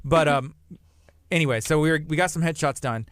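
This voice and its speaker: A man's voice: on the high side, moderate pace, fairly bright tone, no room sound, studio quality. A man with a Texan accent hosting a radio show, easygoing and friendly, laughing along with guests. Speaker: radio host. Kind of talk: casual radio talk.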